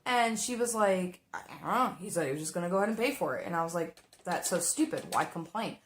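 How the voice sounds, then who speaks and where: A woman's voice: on the low side, animated, fast, a little hiss or hum. A woman telling a work story while doing her makeup, chatty and exasperated, acting out the dialogue. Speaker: makeup vlogger.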